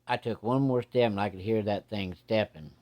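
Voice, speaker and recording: A man telling a first-person ghost story in a plain-spoken, folksy way, building suspense with slow, deliberate pacing. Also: fairly low pitch, a little mellow. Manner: plain-spoken, drawling, folksy rural grammar.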